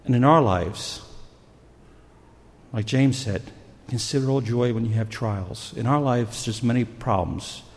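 Speaking at a measured pace in a mid-range voice, this male preacher tells his sermon as an earnest story, now and then performing panicked voices. The sound echoes with a hall's long reverb.

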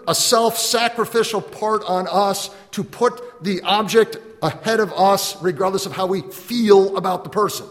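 Man, pastor, sermon, high voice, long hall reverb. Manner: animated, acts out little dialogues, laughs often.

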